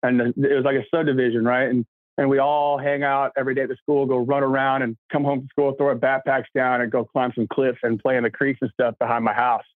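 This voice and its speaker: A man from Kentucky, an actor, telling stories in casual chat, animated and acting out the voices of people he quotes. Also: medium pitch, fast, dry recording, narrow, tinny audio. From Kentucky, USA. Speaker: actor guest.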